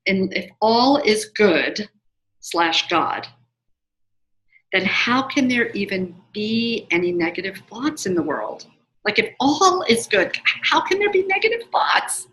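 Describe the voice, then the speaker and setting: A woman sharing her check-in on a video call, chatty and expressive. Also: medium pitch, rough recording. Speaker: group participant. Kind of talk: casual online group check-in.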